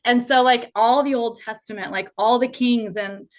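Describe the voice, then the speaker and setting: Earnest higher-voiced woman, heartfelt. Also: fairly even intonation, moderate pace. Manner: earnest, heartfelt, many "like" fillers. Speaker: podcast guest. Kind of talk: faith podcast conversation.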